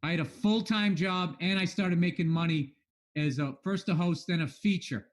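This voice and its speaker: A man in his thirties, a guest comedian in a casual chat, candid and animated, swearing a lot. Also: high voice, moderate pace.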